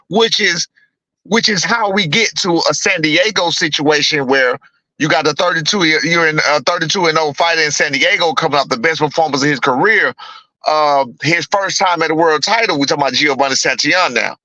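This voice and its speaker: A man's voice: a little high, fairly quick, sharp tone, dry recording, poor audio. A middle-aged man, a boxing trainer, talking bluntly in a casual interview, repeating himself and swearing freely.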